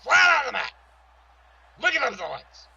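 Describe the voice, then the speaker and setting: A man putting on a menacing veteran wrestler who growls threats and then bursts into shouts. The voice is gravelly, husky and pitched high, with bright, cutting edges. The sound is dull and lo-fi. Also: huge pitch swings, normal speed, dry recording, exaggerated voice.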